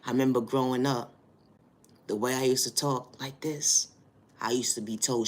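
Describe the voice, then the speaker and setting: A man giving a preachy spiritual motivational monologue, repeating stock phrases and building to loud, emphatic bursts. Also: mid-range voice, steady tone, moderate pace, long pauses. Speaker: spiritual reader.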